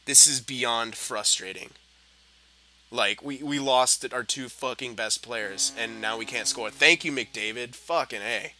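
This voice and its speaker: A young man giving gameplay commentary, frustrated and swearing, muttering low and then yelling at the game. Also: a little slow, slight background noise. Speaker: gaming commentator.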